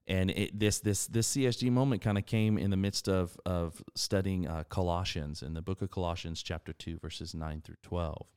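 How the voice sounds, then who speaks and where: A man co-hosting a faith podcast, talking earnestly about scripture in an animated, preaching way. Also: low voice, normal speed, hardly any pauses, smooth. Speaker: podcast co-host.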